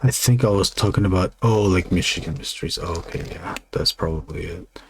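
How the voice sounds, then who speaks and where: A man's voice: low-pitched, fairly quick, a little hiss or hum. A man, an illustrator, chatting casually and meandering while he draws on a stream. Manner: meandering, lots of fillers and restarts. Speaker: illustrator streaming his drawing. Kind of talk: casual rambling chat.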